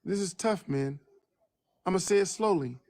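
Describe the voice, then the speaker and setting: A married man with a baritone voice co-hosting a live stream chat, lecturing emphatically and slowing down to stress his points. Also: expressive, darkish tone. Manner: preachy, emphatic, slow for stress.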